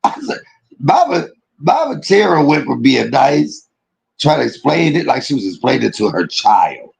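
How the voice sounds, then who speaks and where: Brief: man from Detroit hosting a livestream, rants and swears, lots of laughter, big swings in pitch. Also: normal speed, creaky, poor audio. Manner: animated, profane, laughs often. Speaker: livestream host. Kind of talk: casual ranting livestream talk.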